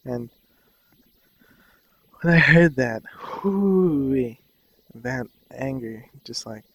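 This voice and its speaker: A man's voice: mid-range voice, takes it slowly, vocal fry, fairly bright tone, low-quality recording. A young man casually telling a personal story on a vlog, rambling and often losing his train of thought. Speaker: vlogger.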